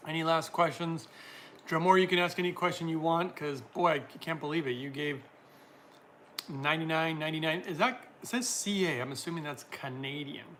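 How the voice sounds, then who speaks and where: A man's voice: a little high, moderate pace, fairly bright tone, a little hiss or hum. A man hosting a casual livestream, reading out viewer comments and answering them in a chatty way, laughing often.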